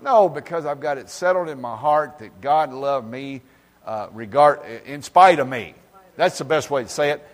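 A man preaching an informal sermon, talking directly to people by name and swinging from loud emphasis to quiet asides. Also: mid-range voice, normal speed, long reverb tail. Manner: folksy, talks directly to congregation members by name. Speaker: pastor. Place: church.

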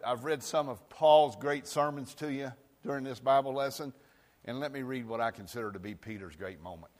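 A man preaching a sermon in a folksy way, moving from loud outbursts to quiet asides. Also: fairly low pitch, big-room sound. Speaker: pastor.

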